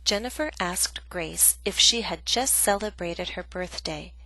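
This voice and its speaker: A woman reading a scripted English grammar lesson, speaking slowly and clearly with careful, deliberate emphasis. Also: lowish voice, pushed and bright, dry recording, rough recording. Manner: slow, deliberate, clearly enunciated. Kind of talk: scripted instructional narration.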